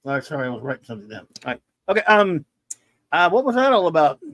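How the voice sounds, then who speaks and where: A man's voice: a little high, sing-song, fast, a bit bright, no echo. A man hosting a casual livestream podcast, talking in jokey, teasing showman patter. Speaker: podcast host.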